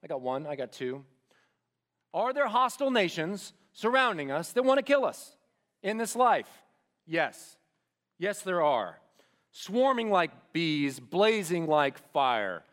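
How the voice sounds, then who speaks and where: Man, sermon, higher-pitched voice, very animated pitch, addresses students directly, soft emphatic drops. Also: slow. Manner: asks the audience questions directly.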